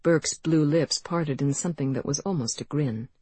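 Low, husky woman narrating. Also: moderate pace, darkish tone, no echo. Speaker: audiobook narrator. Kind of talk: scripted narration.

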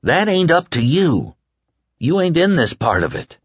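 A man voicing an injured man from East Texas, calm and firm in a plain-spoken drawl. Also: on the high side, measured pace, husky, dry recording, pitched above the performer's own voice, full character voice. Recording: dull lo-fi dry recording.

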